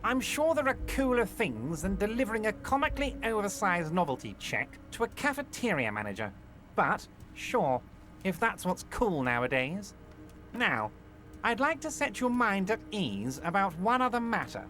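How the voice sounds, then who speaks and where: An actor voicing a large, smooth-talking male union boss in a game who reassures in an oily, falsely friendly way. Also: high-pitched, very animated, moderate pace, a bit bright, soft background music. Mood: oily reassuring. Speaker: game character voice.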